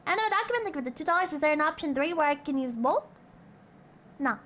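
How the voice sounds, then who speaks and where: A woman's voice: high voice, animated, quick pace, fairly bright tone, slight background noise. A young woman streamer in casual chat, reading out donations, playful and crude and rambling.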